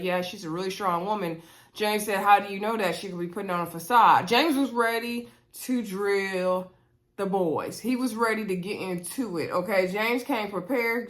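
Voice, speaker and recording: A woman casually recapping a reality dating show, chatty and animated, quoting the cast and talking straight to her viewers. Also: medium pitch. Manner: chatty, animated, retelling scenes with quoted voices; addresses viewers directly. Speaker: reality TV reviewer.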